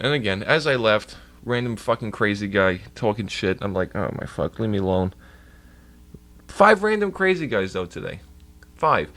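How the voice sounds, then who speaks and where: A man's voice: on the low side, fairly bright tone. A young man streaming, telling a rambling, profane story in casual chat.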